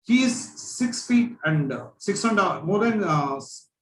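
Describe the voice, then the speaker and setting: Indian-accented male lecturer, stern and admonishing, high-pitched, echoey room. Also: expressive, measured pace, fairly bright tone, slight background noise. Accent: Indian English. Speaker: chartered accountant speaker at student seminar. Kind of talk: seminar talk with anecdotes. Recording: echoey hall.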